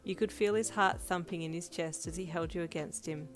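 A woman reading second-person romance fan fiction as narrator, with a steady storytelling delivery. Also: on the low side, fairly quick. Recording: lofi music playing underneath. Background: lofi beat.

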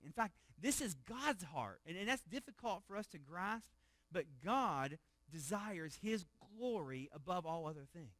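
Higher-pitched pastor preaching a sermon. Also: male voice, sing-song, a little slow, no room sound. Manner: conversational, repeats words, asks the room questions; swings from loud emphasis to hushed low tones.

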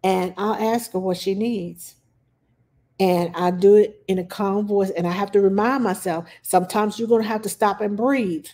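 A woman nanny giving parenting advice in a calm, plain-spoken casual talk, with frequent pauses and fillers. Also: mid-range voice.

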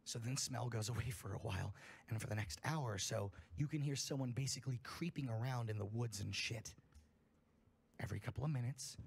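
A man's voice: mid-range voice, expressive, fairly quick, gravelly, slightly rough. A man reading a campfire horror story aloud in an emphatic storytelling manner, full of swearing.

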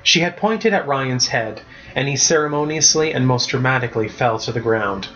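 A man reads his own story aloud in a steady, even storybook narration. His voice sits mid-pitch, and the recording sounds muffled and lo-fi. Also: moderate pace. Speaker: author reading his book.

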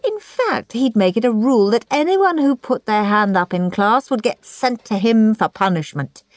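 Expressive woman reading a bedtime story. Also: on the high side, normal speed, no echo. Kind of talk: scripted bedtime story narration.

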